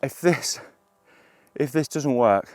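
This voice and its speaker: A middle-aged man, a landscape photographer, talking through his shots outdoors on a hillside, with excited, breathless bursts of wonder. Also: medium pitch, takes it slowly, no echo. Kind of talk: outdoor vlog narration.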